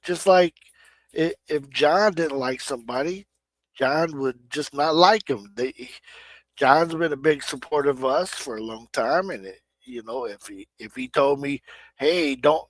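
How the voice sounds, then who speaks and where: A man's voice: medium pitch, unhurried, no room sound, low-quality recording. A middle-aged man from Indiana with an American Midwestern accent, hosting a casual livestream chat in a plain-spoken, emphatic way. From Indiana, USA. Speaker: livestream host.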